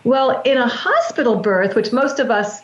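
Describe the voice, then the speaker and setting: A woman's voice: a little high, sing-song, moderate pace, lo-fi sound. Woman explaining breath work, roomy sound. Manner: earnest, flowing explanations with restarts. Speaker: guest, breath work practitioner. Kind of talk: explanatory interview talk.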